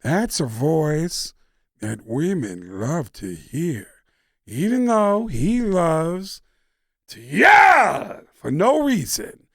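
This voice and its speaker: A man doing an impression of an intense male film star, stretching words out and building to a shout. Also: on the high side, wildly swooping pitch, very slow, dry recording, studio quality, pitched above the performer's own voice, full character voice.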